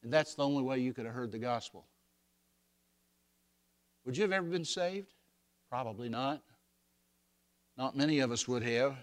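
An older man preaching a sermon in a folksy storytelling way, swelling loud when he quotes scripture. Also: mid-range voice, lively intonation, normal speed, long pauses.

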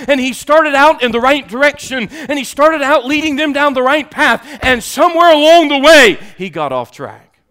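A male preacher delivering an emphatic sermon to a congregation, dropping from loud declarations to hushed asides. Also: extremely high pitch. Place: church sanctuary with congregation.

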